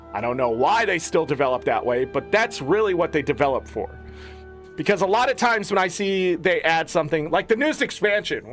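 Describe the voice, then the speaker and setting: A man's voice: a little high, fairly bright tone. A man giving a casual, profane, exasperated gaming rant as a content creator.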